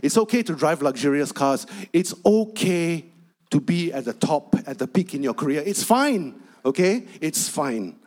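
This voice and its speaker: A male pastor delivers a sermon in a chatty storytelling way, full of asides to the congregation. His voice sits a little high for a man. He turns animated and emphatic when he drives his point home. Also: normal speed. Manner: chatty storytelling with frequent "you know" asides.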